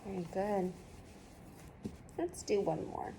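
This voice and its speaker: A woman reading tutor leads a one-on-one phonics lesson. She is patient and encouraging, and her voice sits at an ordinary middle pitch. She gives clear step-by-step prompts. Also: expressive, slow pace, mellow, slight background noise.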